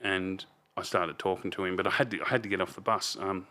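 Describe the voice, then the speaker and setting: Deep-voiced and fast, with fairly even intonation and a pushed, bright quality, a fiftyish Melbourne man with an Australian accent guests on a podcast. His casual storytelling rambles, restarts a lot, is blunt, and includes some swearing.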